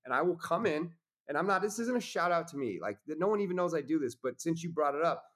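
A man's voice: a little high, lively intonation, fast talker, fairly bright tone. A man talking as a podcast guest in casual conversation, intense and preachy, swearing freely.

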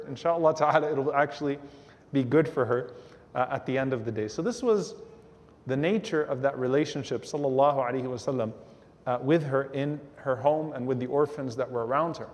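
A man with a somewhat high, darkish-toned voice speaks briskly as an Islamic lecturer telling a story to an audience. He brings it to life by slipping into the voices of the people he quotes, and a large hall lends his words a long reverb.

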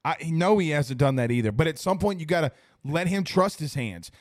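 A man hosts a casual sports talk stream from a studio, reading chat aloud. His voice sits fairly high and he rambles emphatically, hammering phrases again and again. The sound is dry and close, with no room echo. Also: lively intonation, fairly quick. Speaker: host reading live chat.

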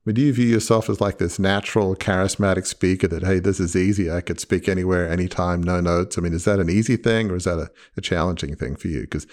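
A podcast host conducts a conversational interview, speaking earnestly and emphatically and repeating his key points. His deep, slightly mellow voice is fairly even in intonation, quick, with hardly any pauses.

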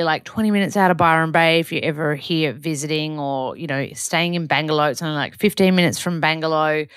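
A woman's voice: low-pitched, a bit bright, clean tone, no echo, clean studio sound. An Australian woman hosting a podcast, chatting casually through a weekly diary and often correcting herself. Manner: chatty, rambling with self-corrections. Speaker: podcast host.

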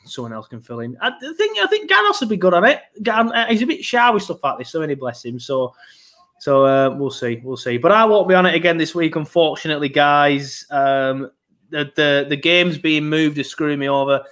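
A man's voice: a little high, lively intonation, a little fast, a bit bright. A young man hosting a casual football podcast, rambling with frequent ums. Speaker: podcast host.

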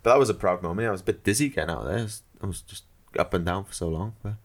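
A man's voice: deep voice, rapid-fire. A man with a Welsh accent co-hosting a podcast in casual chat, joking and laughing often. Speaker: podcast co-host.

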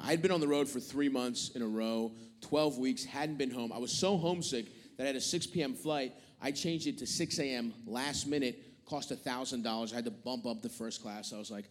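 A male stand-up comedian telling a profane, exasperated story and acting out both sides of arguments on stage. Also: medium pitch. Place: theater stage before a live audience. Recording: live stage recording with long hall reverb and audience noise.

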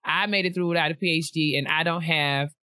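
Young woman, bright tone, dry close sound, animated casual chat, reads listener emails. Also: low voice, a little fast, clear, resonant tone, no room sound. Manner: animated, laughing often, playful asides. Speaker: podcast co-host.

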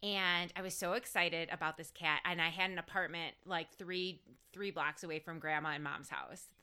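Podcast cohost lady, quick and laughy, sharp bright voice. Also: fairly low pitch, fairly even intonation, clear, resonant tone. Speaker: podcast co-host. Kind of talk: casual chat.

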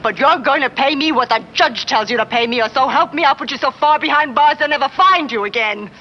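A furious ex-wife with a high, bright, hard-edged voice who scolds and threatens without letting up. The sound is dull and muffled, as on an old film soundtrack, with a faint hiss underneath. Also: female voice, a little fast. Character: furious bitter ex-wife demanding money.

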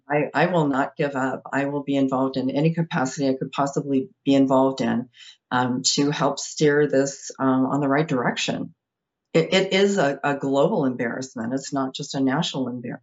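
A woman's voice: a bass voice, darkish tone. Hesitant woman guest, dull remote line. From Arizona. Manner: hesitant, many ums, determined. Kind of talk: interview answers.

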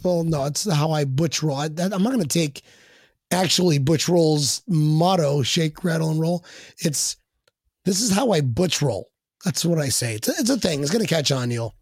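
A man with a husky, breathy voice rambles through casual stories, swearing freely and laughing along the way. He is recorded close on a dry mic with no room sound. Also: on the high side, normal speed, a little mellow, dry recording. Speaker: guest fan. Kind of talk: casual podcast chat.

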